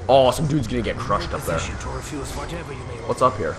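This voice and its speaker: A young man giving casual commentary while playing a video game, full of excited little exclamations. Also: mid-range voice, moderate pace, a crowd in the background. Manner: excitable, with lots of surprised exclamations. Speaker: gamer. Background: game music.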